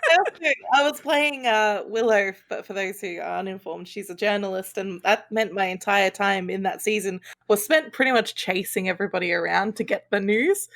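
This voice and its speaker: A woman's voice: mid-range voice, normal speed, vocal fry, hardly any pauses, fairly bright tone, no room sound. A woman guest on a podcast, telling stories about a game she plays in an upbeat, chatty way. Her voice sits mid-range and is recorded dry and close. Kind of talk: casual chat.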